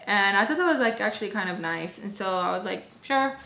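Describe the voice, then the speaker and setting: A woman's voice: medium pitch, normal speed, fairly bright tone, roomy sound. A young woman telling a personal storytime in casual chat, quoting people and sighing now and then. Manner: chatty, quotes people in her own voice, sighs often. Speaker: storytime vlogger. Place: indoors, rain audible outside.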